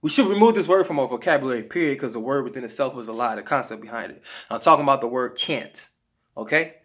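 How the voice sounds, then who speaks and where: A man's voice: mid-range voice, fast talker, fairly bright tone. A man giving diet advice to camera in a casual motivational talk, emphatic and slangy, often asking "okay?". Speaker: health vlogger.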